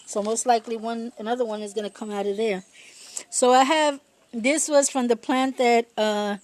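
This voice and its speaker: A woman talking her way through a casual garden vlog outdoors, chatty and rambling, laughing often and pausing to search for words. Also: fairly high pitch, fairly even intonation, darkish tone, dry recording. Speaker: home gardener.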